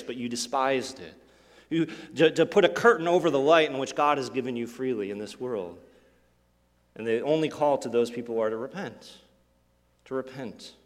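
A man preaching a sermon in a church hall, and his voice trails off into a long reverb. He tells stories and briefly acts out the voices of the people he quotes. His pitch sits in a middle register. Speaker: pastor.

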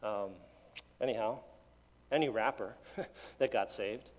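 A man's voice: fairly low pitch, slow pace. Preaching man in a reverberant hall. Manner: conversational preaching, emphatic, with asides and restarts. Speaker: pastor. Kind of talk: sermon.

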